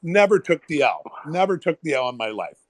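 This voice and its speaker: A man, a former pit trader, telling animated stories in casual chat and acting out the people in them. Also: on the high side, brisk, no room sound. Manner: animated, swearing, acts out quoted people. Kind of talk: casual storytelling. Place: online audio room.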